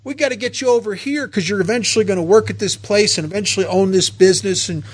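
A man's voice: sits high, quick pace, husky. A man playing God, folksy and coaxing. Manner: coaxing, folksy, repeatedly asks permission. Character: God, calm fatherly male deity making offers.

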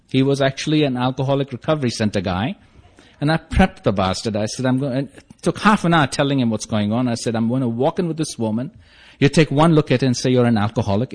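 Wry man telling a funny story. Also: mid-range voice. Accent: non-native English accent. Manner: wry, self-mocking, laughs through lines. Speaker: speaker sharing a recovery story. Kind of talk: humorous personal storytelling.

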